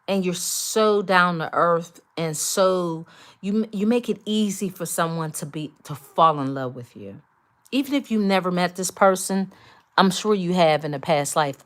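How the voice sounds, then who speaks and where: A woman doing a collective tarot reading, speaking emphatically and repetitively straight to her viewers. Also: deep voice. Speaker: tarot reader.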